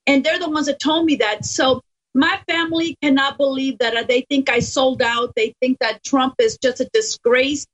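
A woman's voice: sits high, steady tone, normal speed, fairly bright tone. A woman from the Mexico–Texas border whose first language is Spanish, speaking earnestly with a Californian accent as a political guest. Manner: earnest, emphatic. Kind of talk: casual interview talk. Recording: muffled lo-fi audio.

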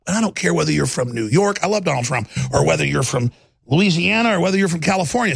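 A male radio talk show host, ranting in a heated monologue with stammered restarts and bursts of shouting. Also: sits high, no echo, studio quality. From Texas. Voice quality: gravelly.

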